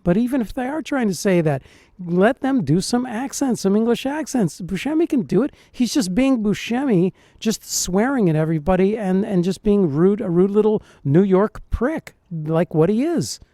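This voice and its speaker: A man, a dialect coach, reacting to film clips and thinking aloud in a puzzled, animated way. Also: high-pitched, moderate pace, dry recording, clean studio sound. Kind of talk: reaction commentary.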